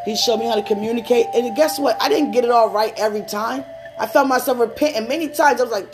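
Here a woman delivers a relaxed, conversational sermon and prayer, mixing in her own stories and asides she laughs through. She takes it slower when praying. Her pitch is fairly high, and she speaks over music.

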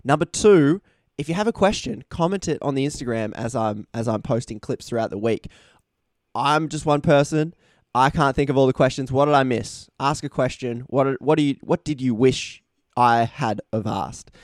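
A man's voice: medium pitch, moderate pace, darkish tone, no room sound, studio quality. A man hosting a casual podcast interview, chatty and teasing his guest. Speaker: podcast host.

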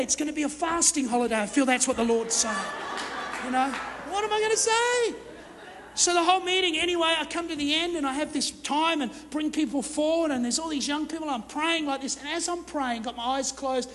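High-voiced pastor in a hall. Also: male voice. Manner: animated, acts out his own thoughts in a raised voice. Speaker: guest pastor. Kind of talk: storytelling sermon. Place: church hall. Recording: live reverberant hall, faint noise.

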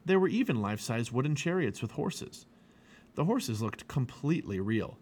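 Expressive man reading a children's book. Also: mid-range voice, moderate pace. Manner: expressive storytelling. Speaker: family podcast reader.

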